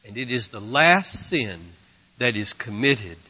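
A man preaching a sermon with a rhythmic delivery that builds to forceful peaks and sinks low again. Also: animated, measured pace, breathy edge. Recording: muffled, reverberant hall.

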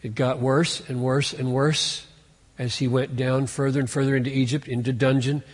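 A man preaching an expository sermon, earnest, building to emphatic peaks and then dropping low. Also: little pitch movement, moderate pace, breathy edge, long reverb tail. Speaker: pastor.

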